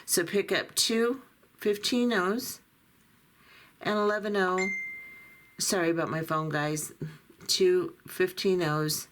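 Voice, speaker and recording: Lower-voiced woman teaching beadwork. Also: steady tone, slow pace, long pauses, slight background noise. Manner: patient, talks while working with her hands. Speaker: beading tutorial host. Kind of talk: step-by-step craft instruction.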